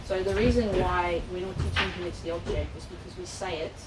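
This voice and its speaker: An Australian woman working as a dog trainer, chatting casually with a client and acting out lively anecdotes. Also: lowish voice, fairly quick. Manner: animated storyteller, acts out voices in anecdotes. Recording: roomy echo, distant mic, background noise.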